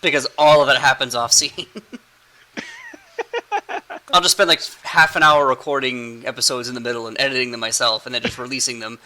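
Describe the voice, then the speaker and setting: A playful, giggly man chats at a quick clip as the host of a tabletop game podcast. His voice is very bright and forward, with a middle pitch. He rambles and laughs through his jokes. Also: steady tone, rough recording. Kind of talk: casual podcast chat.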